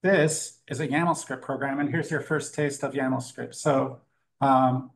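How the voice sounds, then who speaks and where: A man's voice: mid-range voice, fairly even intonation, measured pace, vocal fry, slight background noise, rough recording. A man giving a casual, joking live talk at a meetup, with plenty of fillers and restarts. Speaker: conference speaker. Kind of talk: live tech talk with demo. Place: meetup room with audience.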